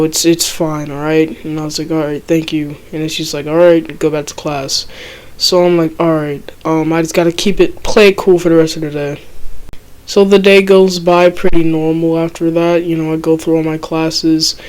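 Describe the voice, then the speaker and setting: A teenager casually telling a storytime, slangy and profane, dropping to a low mutter when quoting people. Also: level tone, moderate pace, darkish tone, smooth. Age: teens.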